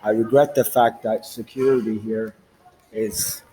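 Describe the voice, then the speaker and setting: A man's voice: fairly low pitch, fairly even intonation, measured pace, dark tone, slight background noise, low-quality recording. A man vlogging in a rambling, profane monologue with street slang, recorded on a handheld phone inside a large train station.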